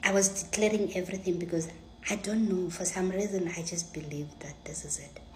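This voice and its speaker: A South African woman with a low voice recounts a personal story in a lively, theatrical way. She acts out every line of dialogue and slips into hushed asides. The sound is roomy and echoey, with a faint hum behind her. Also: a little fast. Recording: echoey room.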